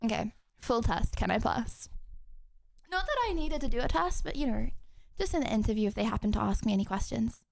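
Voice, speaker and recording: Giggly high-voiced young woman streamer. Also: animated, a little fast, creaky. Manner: giggly, self-teasing, reads questions aloud and answers them. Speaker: livestreamer. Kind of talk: casual live-stream chat.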